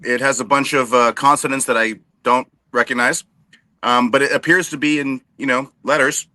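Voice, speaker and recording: A man's voice: medium pitch, steady tone, normal speed, sharp tone, dry recording. A man co-hosting a casual sports chat show, cracking jokes and poking fun at himself. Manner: wisecracking, self-deprecating. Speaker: podcast co-host.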